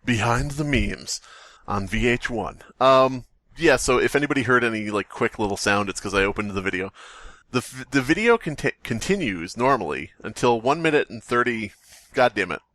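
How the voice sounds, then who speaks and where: A man's voice: medium pitch, animated, normal speed, a bit bright, no echo. A man co-hosting a casual podcast, reading entries aloud with laughing asides. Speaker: podcast co-host.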